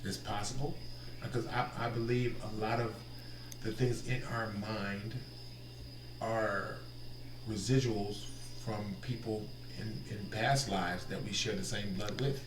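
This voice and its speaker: Male podcast host, calm late-night-radio delivery, reflective and halting; distant roomy recording with background noise. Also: fairly low pitch. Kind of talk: casual chat.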